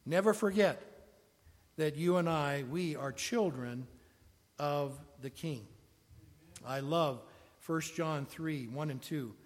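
A man's voice: a little high, takes it slowly, pauses often. A man preaching a sermon in a conversational way, asking his congregation questions as he goes. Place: church sanctuary. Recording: long reverb of a large hall.

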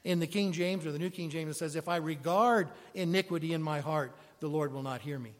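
A man's voice: fairly high pitch, fairly quick. A man preaching a sermon in a conversational way, asking his congregation questions as he goes. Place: church sanctuary. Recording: long reverb of a large hall.

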